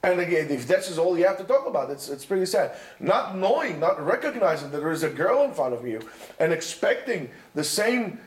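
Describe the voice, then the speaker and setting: A man teaching yeshiva students in an informal lecture, animated and chatty, peppering his talk with Hebrew and Yiddish terms and constant "you know" and "right?". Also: fairly high pitch. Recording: echoey room.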